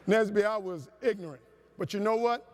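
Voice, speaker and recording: Keynote speaker, male, higher voice, animated preacher cadence, reverberant hall. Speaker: motivational speaker. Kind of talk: storytelling keynote speech. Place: large conference hall.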